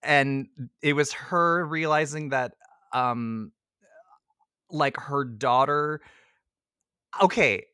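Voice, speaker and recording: A man's voice: medium pitch, extremely slow, long pauses, bright, forceful tone, clear, resonant tone, dry recording. Man, podcast co-host, casual chat, rambling delivery, dry recording. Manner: rambling, many restarts and fillers.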